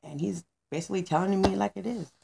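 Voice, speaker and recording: A woman's voice: medium pitch, fairly even intonation, fast, creaky, noisy background. A woman telling a personal story in a rambling way, with restarts and fillers.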